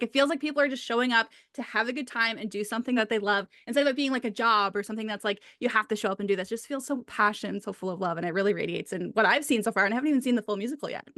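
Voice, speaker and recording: Canadian woman podcast host, quick and slightly high, dry close sound. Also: bright, forceful tone, dry recording. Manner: gushing and enthusiastic. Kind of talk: casual podcast interview.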